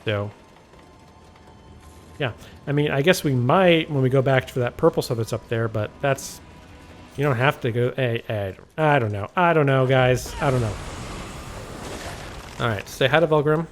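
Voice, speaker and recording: A man's voice: mid-range voice, normal speed, pauses often, soft background music. A man giving casual walkthrough commentary on a video game, rambling and correcting himself with wry asides, recorded at home on a desk microphone.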